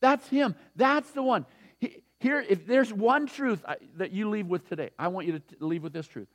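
A man in his sixties preaching a sermon, animated and repetitive, laughing often. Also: high-pitched, a little fast. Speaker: pastor.

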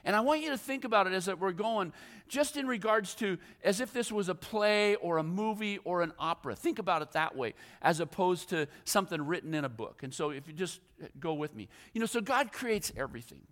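A man's voice: sits high, expressive, fairly quick, a bit bright. A male pastor preaching a sermon in a rambling, self-deprecating storytelling way, full of fillers and restarts. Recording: long reverb of a large hall.

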